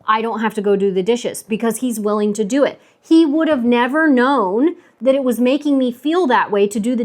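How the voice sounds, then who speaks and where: A woman in her thirties, a stay-at-home mom giving earnest, emphatic advice to camera, repeating herself for stress. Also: fairly high pitch. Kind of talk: casual advice talk to camera.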